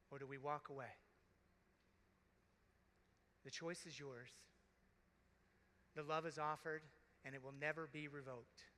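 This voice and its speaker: A man preaching as a deacon at a youth conference, impassioned with dramatic pauses. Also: a little high, sharp tone, slight background noise. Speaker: deacon and keynote speaker. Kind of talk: sermon. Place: large conference arena. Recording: big hall reverb.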